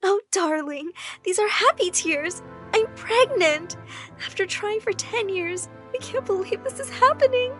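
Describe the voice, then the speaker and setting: A wealthy mother who gushes sweetly one moment and scolds curtly the next, as a woman narrator puts her on in an animated story. The voice is high and lively with big swings in pitch. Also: normal speed, faint music behind, full character voice. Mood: gushing. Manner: gushing to one child, curt and scolding to the other. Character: doting, dismissive adoptive mother.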